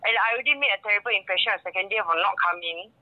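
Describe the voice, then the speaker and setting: A woman's voice: medium pitch, rapid-fire, lo-fi sound. A young woman with a Singaporean accent casually and dramatically telling a story about her work week. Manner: animated, dramatic retelling with laughs. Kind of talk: casual chat.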